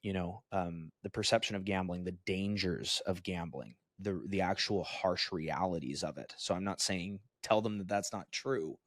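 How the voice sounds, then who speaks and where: Male podcast co-host, very low voice, dry close sound, casual storytelling. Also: moderate pace, few pauses, no room sound. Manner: storytelling, animated when quoting others.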